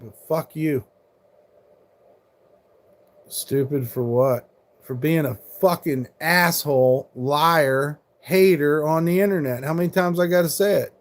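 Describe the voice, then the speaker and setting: A man in his forties, live streaming and arguing with trolls in chat, combative and full of profanity. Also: a little high. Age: 40s.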